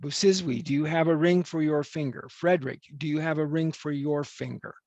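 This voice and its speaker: Gravelly, joking wedding officiant. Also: male voice, on the high side, steady tone, a little fast, a little mellow, dry recording, dull audio. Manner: chatty, joking, rambling. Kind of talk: officiating a wedding ceremony over video call. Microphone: video call.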